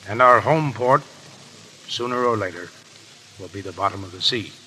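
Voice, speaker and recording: An actor playing a proud, brooding pirate captain in a 1930s radio play. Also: male voice, fairly low pitch, moderate pace, sharp tone, slight background noise, low-quality recording. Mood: grave.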